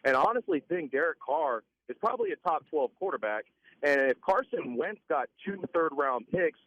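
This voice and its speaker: A man's voice: on the high side, lively intonation, normal speed, no room sound. A man calling in to a sports radio show, rambling casually about football. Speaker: caller. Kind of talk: call-in radio. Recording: dull phone-line audio.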